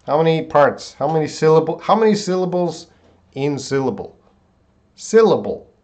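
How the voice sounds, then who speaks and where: A man teaching English pronunciation on a live stream, repeating words slowly syllable by syllable and greeting viewers by name. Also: on the high side, darkish tone. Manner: drawn-out word repetition, reading viewer names.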